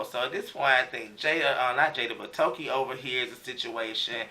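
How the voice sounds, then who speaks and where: A man's voice: medium pitch, fairly quick, few pauses, pushed and bright, recorded from a distance. A man giving a casual recap of a TV episode, talking loosely with slang and lots of fillers. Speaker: TV show recap reviewer.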